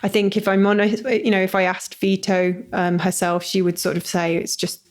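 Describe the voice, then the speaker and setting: A woman hosting a podcast interview over a video call, chatting warmly and reassuringly with frequent laughs. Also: mid-range voice, little pitch movement, moderate pace. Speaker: podcast host. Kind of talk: casual interview chat.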